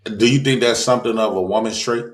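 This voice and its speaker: A man's voice: fairly low pitch, quick pace. A man calling in to a livestream, chatting casually and asking pointed questions. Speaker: call-in guest. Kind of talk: casual call-in chat.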